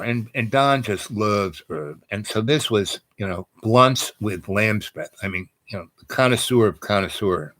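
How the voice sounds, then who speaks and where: A man's voice: fairly low pitch, a bit bright, dry recording. A man telling a casual personal story in a rambling, digressive way, full of fillers and restarts.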